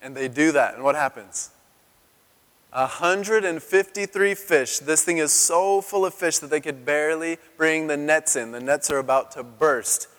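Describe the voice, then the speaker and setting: A man in his thirties preaching a sermon as a pastor, telling the story in an animated way and acting out the quotes in a raised voice. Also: fairly high pitch, normal speed. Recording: long hall reverb.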